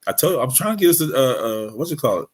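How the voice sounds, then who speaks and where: A man co-hosts a podcast away from the usual studio, casually chatting and trading playful jokes with his best friend. He talks fast in a medium-pitched, sing-song voice.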